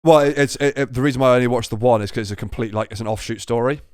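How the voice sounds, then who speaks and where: A man's voice: mid-range voice, rapid-fire, a little mellow, clean tone, no room sound, clean studio sound. A young man co-hosting a casual podcast chat, rambling with many restarts and casual swearing. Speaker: podcast co-host.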